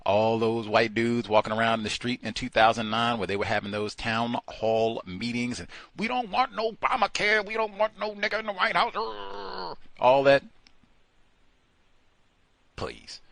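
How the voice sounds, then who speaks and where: Animated man mocking in commentary. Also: on the low side, no echo. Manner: lively, mocking, acts out voices in his own telling. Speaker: co-host of a call-in talk show.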